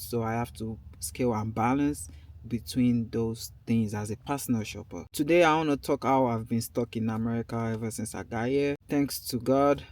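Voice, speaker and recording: A man's voice: mid-range voice, steady tone, normal speed, darkish tone. Nigerian man, thirties, casual vlog, loose rambling talk, in a car. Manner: loose and conversational, drifting between topics. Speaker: vlogger.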